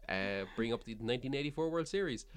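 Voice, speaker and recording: A man's voice: mid-range voice, animated, fast, clear, resonant tone. A man with a Cork Irish accent, chatting casually as a podcast co-host and rambling through many fillers and restarts. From Ireland. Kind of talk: casual chat.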